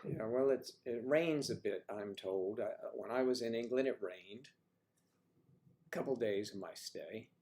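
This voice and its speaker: A man hosting a casual livestream chat, joking with callers and clearing his throat now and then. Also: fairly low pitch, a little slow, a little mellow. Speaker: livestream host.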